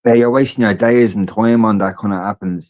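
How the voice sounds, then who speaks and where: A man's voice: fairly low pitch, steady tone, a little fast, darkish tone, dry recording. A man with an Irish accent co-hosting a podcast, chatting casually, often repeating himself and acting out what others said. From Ireland. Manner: conversational, repeats himself, acts out quoted lines. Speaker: podcast co-host. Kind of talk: casual chat.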